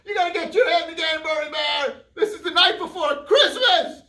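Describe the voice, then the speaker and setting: Hammy library storyteller guy reading to kids, high bright voice, super bouncy. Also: moderate pace. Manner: playful, hammy, talks to a puppet and the kids. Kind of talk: reading a picture book aloud to children.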